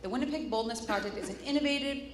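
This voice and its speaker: A woman's voice: fairly high pitch, very fast. A woman moderating a live conference panel, introducing the speakers in a chatty way with joking asides and stumbles over names. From Canada. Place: conference hall. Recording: echoey hall, faint room noise.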